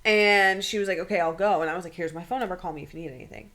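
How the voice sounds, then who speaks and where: A young adult woman co-hosting a podcast, telling an emotional story casually, swearing freely and quoting people in quick bursts. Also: lowish voice, bright, forceful tone. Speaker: podcast co-host.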